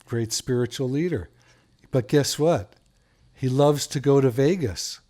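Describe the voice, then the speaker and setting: A man's voice: mid-range voice, a little slow, mellow. Playful joking male radio host. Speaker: radio show host, doctor. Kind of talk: casual radio talk, telling jokes.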